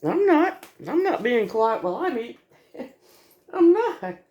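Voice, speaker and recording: A woman's voice: high voice, big pitch swings, a little slow, husky, lo-fi sound, heavily acted. A woman voicing her pet animal, who calls her Mama and speaks in a cute, childlike way. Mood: playful.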